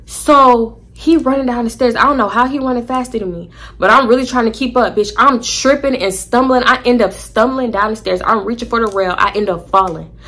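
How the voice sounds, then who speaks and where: A woman telling a story in a casual vlog, animated, slangy and profane. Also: a little high, brisk.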